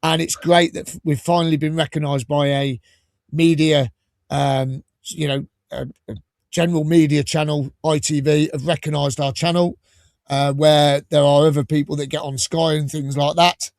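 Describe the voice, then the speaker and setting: A man with an English Midlands accent hosting a casual fan podcast, chatting and telling stories in a lively way. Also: a little high, moderate pace, no echo, studio quality. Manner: chatty storyteller, lively and animated. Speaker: podcast host. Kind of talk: casual chat.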